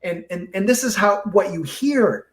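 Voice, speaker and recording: A middle-aged man guesting on a podcast, telling a story in a very expressive, animated way. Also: high voice, normal speed. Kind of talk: casual storytelling interview.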